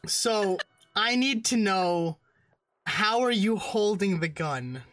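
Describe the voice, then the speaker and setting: A woman's voice: medium pitch, animated, slow pace, a bit bright, no echo, soft background music. A woman narrating a tabletop game as game master, casual and crude.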